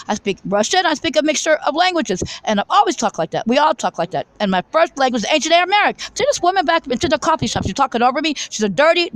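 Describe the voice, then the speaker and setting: A woman with a high voice rushes through a rambling monologue to her viewers. She is fervent and keeps restarting and repeating words. The recording is dry with almost no room sound. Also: a bit bright, no room sound, rough recording. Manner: fervent, repetitive, many restarts and stammered repeats. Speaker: vlogger. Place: coffee shop.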